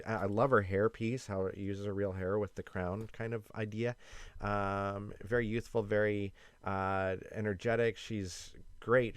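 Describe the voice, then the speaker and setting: Canadian guy rambling excitedly about results, low-ish smooth voice, lots of ums. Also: dry recording. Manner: enthusiastic, rambling, filler-heavy. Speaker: YouTuber and radio host. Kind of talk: casual reaction commentary.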